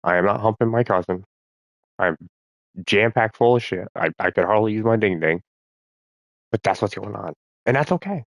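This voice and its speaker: A man's voice: fairly low pitch, moderate pace, pauses often, no echo. A man vlogging in a rambling, profane monologue, as if talking to himself.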